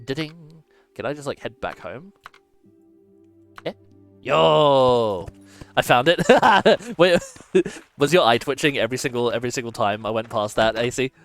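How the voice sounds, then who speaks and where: A man's voice: mid-range voice, moderate pace, long pauses, fairly bright tone, faint music behind. A man streamer giving casual gameplay commentary, playful and swearing freely as he muses aloud.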